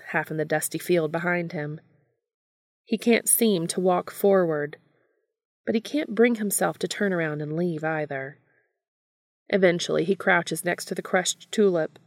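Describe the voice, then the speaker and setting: A woman reading fan fiction aloud in a calm, even storytelling manner. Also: lowish voice, no room sound, studio quality. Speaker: podcast reader.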